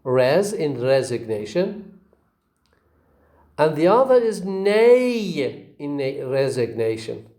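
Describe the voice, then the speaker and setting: Male lecturer, unhurried, drills words by repetition, asks and answers his own questions, warm low tone. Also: very animated. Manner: repeats each example word slowly for drilling. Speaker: teacher. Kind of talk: phonetics lecture.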